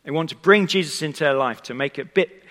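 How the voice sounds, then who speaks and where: A man preaches with a bright, forceful voice, telling the story in a conversational way and turning often to speak to his listeners. His words ring out with a long echo from a church hall. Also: fairly high pitch, fast talker. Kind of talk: sermon.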